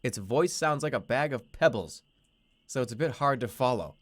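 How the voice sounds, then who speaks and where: A man's voice: medium pitch, animated, moderate pace. A man streaming a text adventure, reading its narration aloud and breaking off into playful, swearing commentary. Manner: playful, swears casually, laughs at himself.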